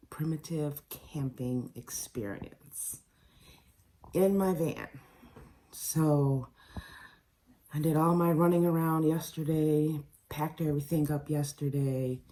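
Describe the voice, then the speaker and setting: Drowsy low-voiced woman vlogger. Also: slow, pauses often. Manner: relaxed, chatty, with fillers and restarts. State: just woke up, morning voice. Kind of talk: casual vlog talk to camera.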